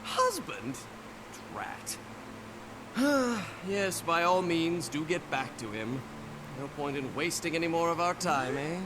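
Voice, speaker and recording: A man's voice: fairly high pitch, big pitch swings, takes it slowly, background noise. An actor playing a vain, flirtatious nobleman with a pompous, florid way of talking. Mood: deflated.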